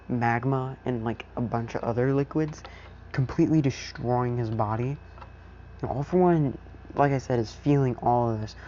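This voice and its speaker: A man casually narrating an improvised fan story, rambling and filling every pause with "you know". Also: mid-range voice, warm tone, muffled recording, a little hiss or hum.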